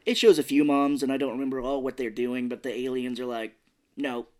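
A man's voice: medium pitch, steady tone, fast talker, darkish tone. A man co-hosting a podcast, chatting casually about a movie and acting out lines in silly voices. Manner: rambling, acts out quotes in silly voices. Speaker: podcast co-host. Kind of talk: casual movie-review chat.

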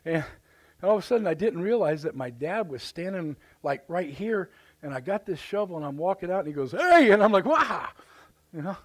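A man's voice: fairly high pitch, lively intonation, brisk, darkish tone. A man with a Midwestern American accent, preaching a live sermon as pastor in folksy storytelling, acting out voices and exclamations. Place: church sanctuary, live service.

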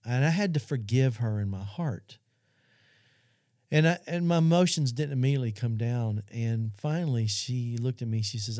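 Middle-aged man, Christian talk host, earnest storyteller, warm low tone, dry close sound. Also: normal speed, dry recording. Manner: earnest storytelling, addresses audience. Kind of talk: Christian talk show testimony.

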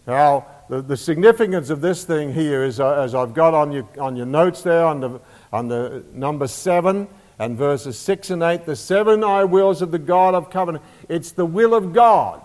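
A man's voice: on the high side, moderate pace, a little mellow. A man teaching a Bible lesson as a sermon, who stresses repeated key phrases with emphasis. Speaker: preacher. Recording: reverberant hall.

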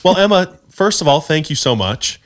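A man co-hosting a podcast, telling stories in an animated, emphatic way. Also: fairly high pitch, moderate pace. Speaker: podcast co-host. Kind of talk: casual chat.

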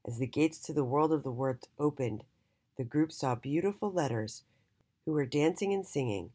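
A woman reading a children's storybook aloud in an expressive, sing-song way. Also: deep voice, moderate pace.

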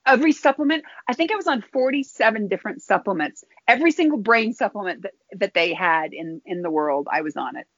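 A woman guest recounts her experiences in an earnest, halting manner, often doubling back on her words. Her voice sits at an ordinary middle pitch. The recording is dull and lo-fi, with a dry, close sound. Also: animated, a bit bright, no room sound. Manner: earnest, halting, restarts phrases. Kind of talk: personal storytelling in conversation.

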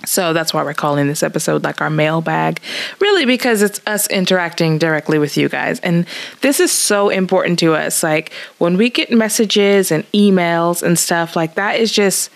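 A woman co-hosting a casual podcast, chatty and animated, laughing often between remarks. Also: on the low side, normal speed, gravelly. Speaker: podcast co-host. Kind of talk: casual chat.

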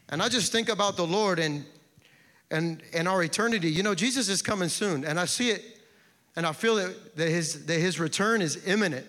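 A pastor delivers an impassioned sermon in a high, bright male voice. He builds through repeated refrains, and the sound rings out with a long reverb from a large church sanctuary. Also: fairly quick.

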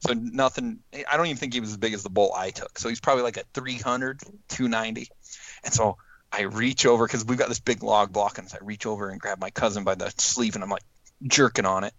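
Guy telling a wild hunting story, gets animated, kinda dull audio. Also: lowish voice, fast, no echo. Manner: animated, acts out quotes with laughs. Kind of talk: casual storytelling.

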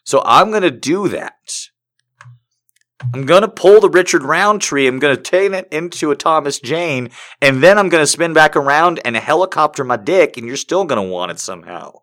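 A man hosting a comic reading of fan fiction, breaking off into crude, profane, excitable asides. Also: on the high side, normal speed.

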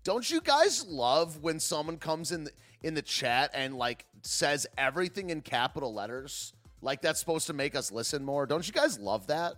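Man, livestream host, sarcastic rant, lively swooping pitch, slightly high voice, faint music under. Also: moderate pace, hardly any pauses. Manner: sarcastic, wry, talks to live chat. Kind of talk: casual ranting commentary.

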